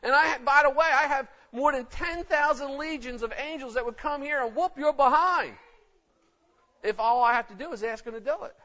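A man voicing a calm, defiant male king answering a ruler in a casual, bold way. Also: extremely high pitch, normal speed. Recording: dull lo-fi recording.

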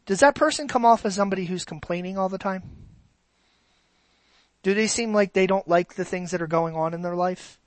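A preacher giving a sermon, animated and asking the congregation rhetorical questions. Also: mid-range voice, brisk, long pauses, no room sound, poor audio.

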